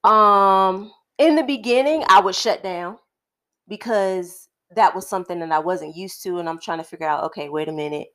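A woman co-hosting a casual conversational podcast, speaking in a thoughtful, measured way with frequent pauses. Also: medium pitch, a bit bright. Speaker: podcast co-host.

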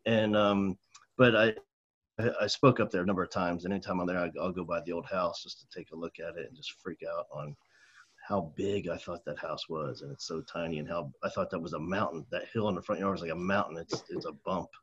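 A man from New Jersey, an educator, telling stories in a casual conversation, animated and repeating words, often saying man and dude. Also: sits low, a little fast, slightly rough, dull audio. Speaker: educator, guest.

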